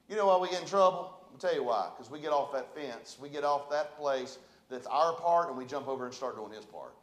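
Male pastor, high voice, fiery sermon delivery, roomy church sound. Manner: preaching, builds from quiet to loud passionate calls. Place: church sanctuary.

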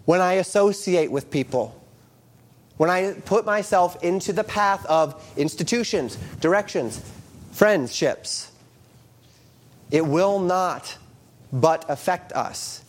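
A man preaching a sermon, reading King James scripture aloud and explaining it verse by verse with emphatic rises and drops. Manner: emphatic, lively rises and drops in pitch and volume.

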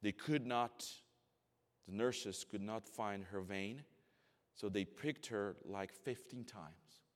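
A pastor in his forties, with a fairly low voice and slow pace, preaches a sermon that shifts from hushed, near-whispered storytelling to loud, rising emphasis. His English phrasing is slightly non-native, and a long hall reverb fills the recording.

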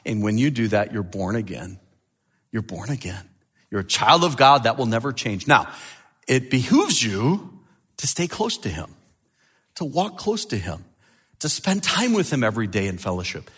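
A man's voice: mid-range voice, a bit bright, breathy edge. A male pastor preaching a sermon with emphasis, repeating key phrases.

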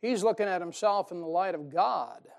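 Preaching with folksy emphasis, this man chuckles at his own humor and alternates forceful stresses with soft side remarks. He has a high, gravelly, animated voice and keeps a moderate pace.

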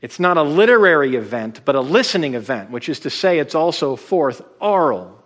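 A man with a high voice preaches to his congregation in a plain, conversational way. He stresses key words by slowing down, and his voice carries a long reverb from the hall. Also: big pitch swings, a bit bright. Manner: plain-spoken, emphatic, slows down to stress points. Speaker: pastor. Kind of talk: conversational sermon. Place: church sanctuary.

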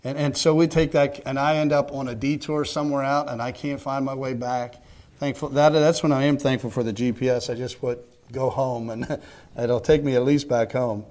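A man's voice: mid-range voice, fairly even intonation, normal speed, darkish tone. A man preaching a sermon as a pastor in a conversational way, asking the congregation questions, acting out quotes and often repeating a word at the start of a phrase.

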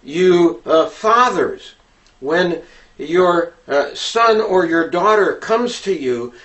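A man gives an instructional talk on preaching in a deliberate, earnest way, often pausing with fillers. He speaks slowly in a somewhat high voice. The recording sounds distant, as if he stands well back from the microphone. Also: lively intonation, fairly bright tone.

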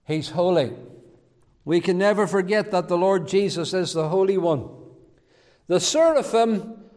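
A man preaching a sermon as pastor, in a measured way that repeats key phrases. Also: high voice, expressive, a little mellow, long reverb tail. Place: church.

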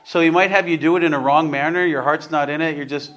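A man's voice: on the high side, fairly even intonation, fast, a bit bright. A man preaching an earnest, conversational sermon, rising to emphatic points and putting questions to his congregation. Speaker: pastor.

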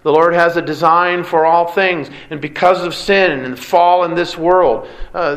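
A man's voice: a little high, fairly bright tone, low-quality recording. A man preaching a sermon as a pastor, earnest and conversational, with rhetorical questions.

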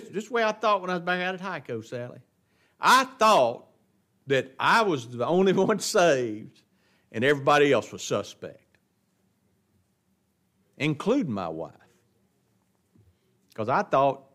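High-voiced man teaching Bible class. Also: fairly bright tone. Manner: folksy, asks the class questions. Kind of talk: Bible lesson. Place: church classroom.

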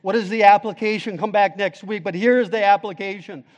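A male pastor preaching a sermon, with dramatic swings from booming declarations to hushed, low phrases. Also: steady tone, brisk. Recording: long reverb of a large hall.

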